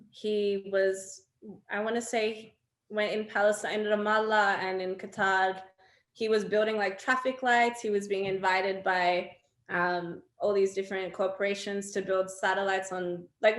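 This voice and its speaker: A young adult woman talks as a guest on an interview show, spinning personal stories in a loose, animated way with plenty of fillers and laughter. Her voice sits at a middle pitch. The room around her is echoing and roomy. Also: moderate pace. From Australia. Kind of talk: casual storytelling conversation.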